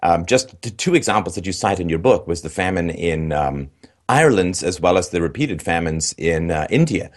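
A man hosting an interview, asking long, winding questions with occasional fillers. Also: low voice. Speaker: interviewer host.

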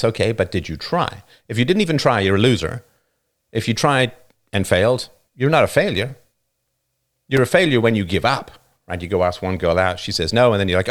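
A man's voice: fairly low pitch, expressive, brisk. A man hosting a livestream, talking in a casual, emphatic monologue into a studio microphone and often tagging his points with "right?". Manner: emphatic, keeps asking "right?". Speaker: livestream host. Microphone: new studio microphone.

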